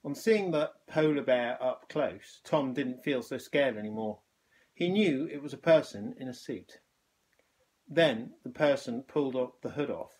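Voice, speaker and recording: A male teacher reading a children's novel aloud with a lively, expressive delivery. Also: medium pitch, measured pace.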